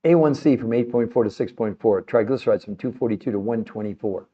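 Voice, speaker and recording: A man's voice: mid-range voice, fast, husky, dull audio. A man hosting a live-streamed podcast, passionate and emotional as he talks straight to his viewers and asks them questions. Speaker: podcast host.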